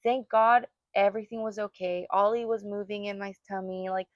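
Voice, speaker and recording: A woman's voice: mid-range voice, fairly even intonation, moderate pace, no room sound, muffled recording. A young woman co-hosting a casual chat, telling a personal story with feeling and lots of fillers. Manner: emotional storytelling, many fillers. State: pregnant or new mother. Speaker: podcast co-host.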